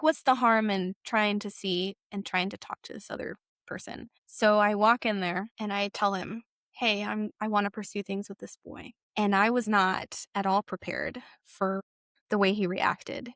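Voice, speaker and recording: A woman's voice: mid-range voice, fairly bright tone, no room sound, studio quality. A young woman telling a personal story as a podcast guest, emotional and re-enacting dialogue with rising intensity. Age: young adult. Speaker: interview guest.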